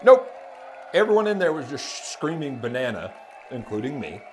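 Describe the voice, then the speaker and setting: A man hosting a music reaction channel, telling an excited story to camera, laughing often and breaking into shouts. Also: medium pitch, moderate pace, crowd noise, noisy background.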